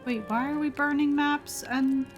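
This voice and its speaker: Young woman streamer, giggly, slow-talking, a bit high voice, chatting over a game. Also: steady tone, highs cut off, soft background music. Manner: giggly, reads game text aloud and reacts. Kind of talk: casual gameplay commentary.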